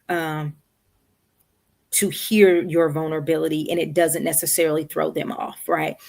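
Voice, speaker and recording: Low-voiced woman counselor, conversational. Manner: conversational, checks in with "right?" and "okay". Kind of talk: live-streamed Q&A advice. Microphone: streaming setup.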